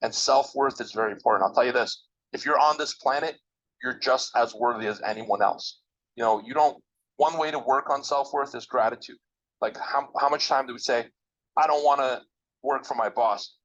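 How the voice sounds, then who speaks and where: A man's voice: medium pitch, moderate pace, fairly bright tone. Emphatic man coaching listeners, dull sound. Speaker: interviewed trader guest. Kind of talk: motivational advice in a podcast interview.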